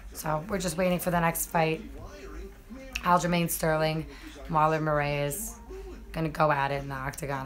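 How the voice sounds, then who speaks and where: New gal hosting a live stream, low voice, chatty and swears a lot. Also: female voice. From New York. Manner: chatty, profane, talks to viewers in the chat. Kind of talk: casual live-stream chat.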